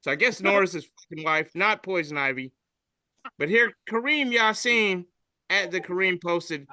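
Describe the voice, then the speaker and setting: A man's voice: fairly high pitch, normal speed, pushed and bright, clean tone, dry recording. A man co-hosting a podcast, reading memes aloud in casual chat, swearing freely and voicing the quotes. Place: studio.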